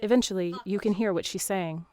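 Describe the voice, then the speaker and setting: Calm woman narrating a dream. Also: medium pitch, a little fast. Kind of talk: second-person scripted narration.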